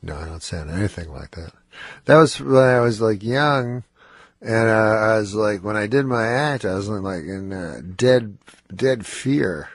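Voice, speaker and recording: Gravelly, nasal, mumbling man on radio. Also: on the low side, lively intonation, a little slow, dry recording. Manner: mumbling, self-deprecating, laughs often. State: congested and slurring from cold medicine. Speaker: comedian guest. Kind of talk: radio interview chat. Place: radio studio. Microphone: studio microphone.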